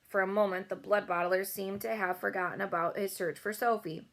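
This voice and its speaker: A woman reading a children's book aloud in a clear, expressive storytelling manner. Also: mid-range voice, a little fast, hardly any pauses. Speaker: reader.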